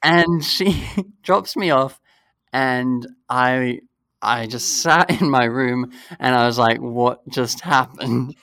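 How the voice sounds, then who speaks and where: In a relaxed chat, a young man with a smooth, medium-pitched voice takes his time telling a funny story. He laughs throughout and acts out the quoted voices with animation, and there's no room sound.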